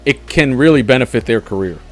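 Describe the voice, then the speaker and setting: A man co-hosting a podcast, talking in a laid-back way with casual swearing and plenty of hedging. His voice sits at an ordinary middle pitch, and faint music plays behind him. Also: animated, fairly quick. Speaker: podcast co-host. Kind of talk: casual chat.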